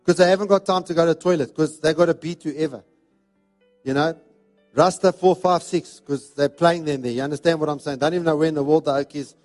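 A pastor preaching a sermon in an emphatic, repetitive cadence. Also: male voice, on the high side, fairly even intonation, fast, a little mellow, soft background music. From South Africa.

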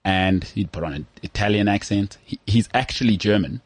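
Husky South African man, casual chat. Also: on the low side, normal speed, no echo. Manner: animated, jumps into mock voices. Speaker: podcast co-host.

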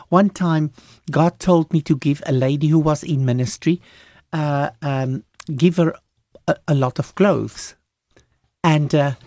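A woman Christian minister, appearing as a guest, speaks about faith earnestly and emphatically, often restarting sentences as she preaches conversationally. Her voice is low and dark, recorded in clean studio sound with no echo.

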